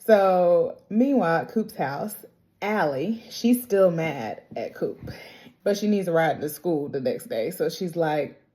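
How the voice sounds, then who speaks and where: A woman vlogger recapping a TV episode in casual, slangy chat, acting out the characters' lines in quick bits. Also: fairly low pitch, expressive, warm tone. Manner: chatty and slangy, quotes characters in quick impressions; laughs often, talks straight to the characters.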